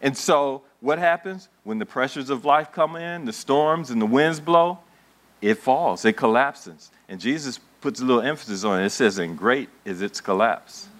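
A man's voice: mid-range voice, animated, normal speed, a bit bright. Preaching man with rhetorical questions. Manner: preaching with rising emphasis, rhetorical questions to the congregation. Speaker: pastor. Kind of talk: sermon. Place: church in front of a congregation.

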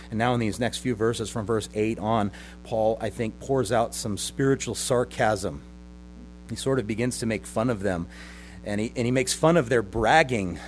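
Chuckling man preaching a sermon. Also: mid-range voice. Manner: conversational, with mocking sarcastic impressions and chuckles. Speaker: pastor. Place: church service with a live congregation.

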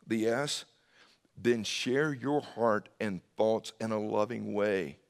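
A man preaching a sermon, animated, swinging from loud emphasis to hushed asides and calling on listeners by name. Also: on the low side, takes it slowly, creaky. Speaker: pastor.

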